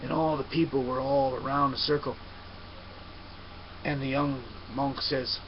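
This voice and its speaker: A man telling a story aloud in a slow, dramatic way, on a dull recording with faint hiss. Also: mid-range voice, flat delivery. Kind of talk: told story narration.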